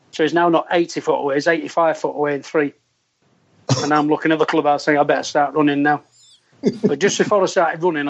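A man, a former caddie, telling an earthy, animated anecdote and acting out the voices he quotes. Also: fairly high pitch. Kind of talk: storytelling anecdote. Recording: dull lo-fi sound.

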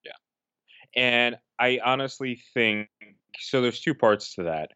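A man's voice: mid-range voice, slow pace, bright, forceful tone, clean tone, no room sound, highs cut off. A man co-hosting a podcast in casual chat, rambling with many fillers and restarts. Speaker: podcast co-host.

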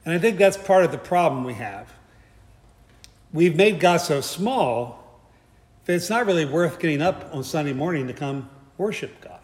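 A man's voice: fairly high pitch, animated, a little fast, hardly any pauses, a little mellow. A man giving a conversational sermon, with joking asides and frequent restarts. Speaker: preacher. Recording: echoey hall.

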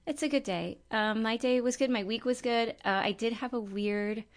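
A middle-aged woman co-hosting a podcast, telling a story in a chatty, relaxed way with many fillers. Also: fairly high pitch, normal speed. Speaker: podcast co-host. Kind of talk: casual chat and storytelling.

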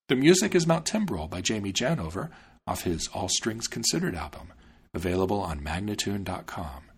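A man hosting a podcast, reading a fairy tale aloud in an expressive, animated way. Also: medium pitch, husky. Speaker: podcast host and storyteller. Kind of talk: scripted narration of a fairy tale.

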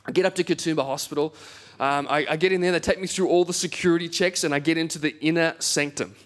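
A man's voice: on the high side, fairly even intonation, fast, a bit bright. A man, a pastor preaching a conversational sermon in church and telling a story with self-deprecating humor. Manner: conversational, self-deprecating, acts out quoted voices.

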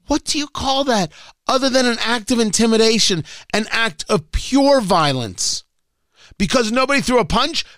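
A man's voice: high-pitched, a bit bright, dry recording, studio quality. A male talk radio host delivering a combative, sarcastic political rant.

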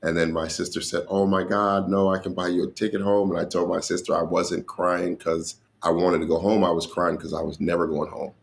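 Deep gravelly comedian telling stories. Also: male voice, brisk, hardly any pauses. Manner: animated storyteller who acts out dialogue and laughs. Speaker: comedian guest. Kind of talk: storytelling in an interview.

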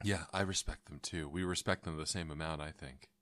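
A man's voice: a bass voice, fairly even intonation, fairly quick, fairly bright tone, no echo. A man co-hosting a podcast, casual and playful, riffing with loose swearing. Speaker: podcast co-host. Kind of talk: casual comedic chat.

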